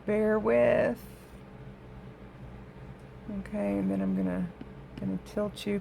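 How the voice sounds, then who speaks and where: A woman's voice: medium pitch, level tone, slow pace, vocal fry, pauses often, mellow, slight background noise. A woman hosting a crafting vlog from her home craft room, chatting casually to viewers and easily sidetracked. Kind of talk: casual show-and-tell chat.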